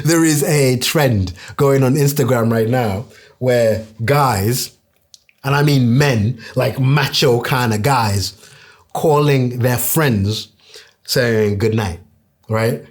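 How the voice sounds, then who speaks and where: A man's voice: medium pitch, takes it slowly. A young man hosting a podcast, talking in an earnest, conversational way and acting out what his friends said. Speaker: podcast host. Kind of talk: casual podcast monologue.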